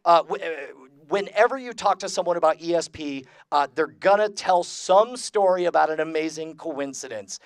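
A man's voice: on the high side, expressive, normal speed, hardly any pauses, clear, resonant tone, no room sound. A man giving a comedic skeptic lecture to a live convention audience of a couple hundred people. He talks with energy, polls the crowd, and laughs at his own jokes. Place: large convention room with about two hundred people.

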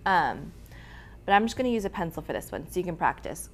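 A woman's voice: on the low side, very animated, fast, slight background noise. Chatty woman hosting an art tutorial. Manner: chatty, laughs easily, many ums and restarts. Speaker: art instructor and host. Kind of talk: casual tutorial talk.

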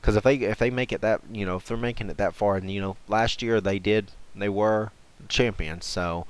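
Low smooth-voiced guy just thinking out loud, lots of uhs and restarts, casual voice-over. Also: fairly even intonation. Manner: unhurried, hesitant, lots of fillers and self-corrections. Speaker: gaming and sports channel host. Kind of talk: casual thinking-aloud commentary.

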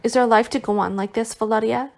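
A woman's voice: on the high side, steady tone, quick pace, gravelly, darkish tone. A woman voicing an anxious, devoted young wife who pleads earnestly, in an audiobook reading. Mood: pleading.

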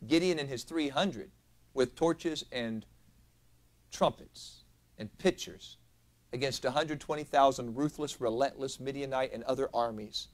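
A man preaching a sermon as pastor, moving from quiet, low lines to loud, emphatic peaks. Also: moderate pace. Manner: dynamic preacher, swinging from soft lows to loud emphatic peaks. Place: church sanctuary.

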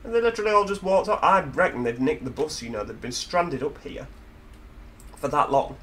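A man's voice: a little high, expressive, normal speed, a bit bright, a little hiss or hum. A man with a Yorkshire accent giving casual, joking commentary over a driving game and poking fun at himself along the way. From Yorkshire, England. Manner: chatty, jokey, self-mocking asides. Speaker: gaming video host.

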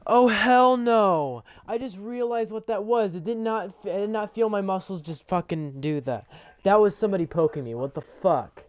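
A young man giving live commentary on a game from his own room. He swears constantly and bursts into startled yelling. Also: sits high, brisk, no room sound, muffled recording. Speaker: gameplay commentator.

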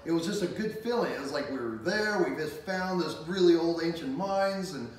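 A man describing how he was scared while exploring an old mine, earnest, with quick laughs. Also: a little high, expressive. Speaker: treasure hunter. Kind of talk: casual recap storytelling. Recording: echoey, distant mic with faint noise.

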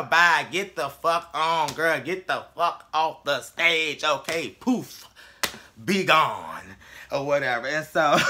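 Man, bright forceful voice, slightly high, blunt, swearing, casual recap. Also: gravelly, a little hiss or hum. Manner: blunt, heavy swearing, many fillers. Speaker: reality TV reviewer.

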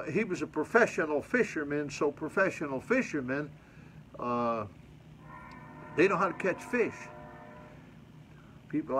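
A man's voice: on the high side, fairly bright tone, a little hiss or hum, rough recording. A male pastor preaching a sermon at a mission church, reading scripture and adding folksy, colloquial commentary to his congregation.

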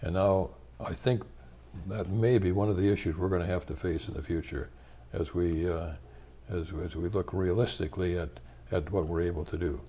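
An older American man, a retired church leader, answers interview questions in a measured, thoughtful way, pausing often and restarting his sentences. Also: deep voice, fairly even intonation, mellow. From United States.

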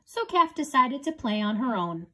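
A woman reading a children's picture book aloud in a gentle, expressive way. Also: high-pitched, moderate pace. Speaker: storybook reader.

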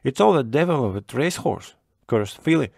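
A man playing a rough, cursing cart driver. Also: mid-range voice, lively intonation, moderate pace, darkish tone, dry recording, studio quality, pitched above the performer's own voice. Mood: grumbling. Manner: crying out in alarm, then muttering curses. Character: rough, frightened middle-aged male cart driver.

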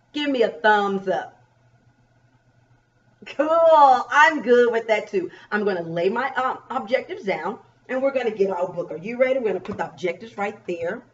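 A woman teacher giving a remote pre-K lesson, drawing out words and asking young children gentle questions. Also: mid-range voice. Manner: slow, drawn-out, coaxing questions to young children. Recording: dull, distant recording.

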